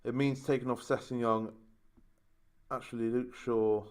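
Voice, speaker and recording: A man's voice: mid-range voice, flat delivery, a little slow. Exasperated man moaning over a game. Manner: moaning, exasperated running commentary. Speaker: gaming YouTuber. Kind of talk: casual let's-play commentary.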